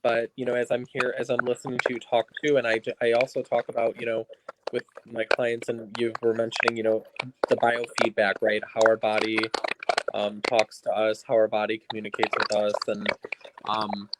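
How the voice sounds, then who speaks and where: Halting counselor over loud noise. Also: mid-range voice, monotone. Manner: halting, searching speech with many fillers. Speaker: counselor and podcast guest. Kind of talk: casual podcast discussion.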